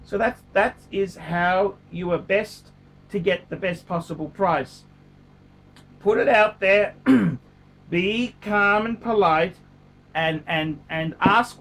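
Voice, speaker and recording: A man's voice: high-pitched, takes it slowly, fairly bright tone, slight background noise. A middle-aged man, talking casually to camera in a blunt, profane way and often repeating himself. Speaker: watch collector vlogger.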